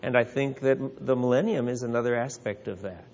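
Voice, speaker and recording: A man's voice: mid-range voice, a little fast, darkish tone, in a large hall, dull audio, slight background noise. A man teaching a Bible class in a conversational way, asking rhetorical questions and taking questions from the group.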